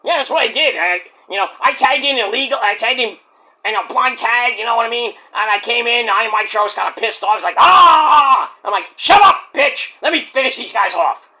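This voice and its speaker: A man doing a cocky shouting wrestler. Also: very high-pitched, fast talker, full character voice. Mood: boastful. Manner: loud boastful, shouting and grunting. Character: cocky brash late male wrestler in the afterlife.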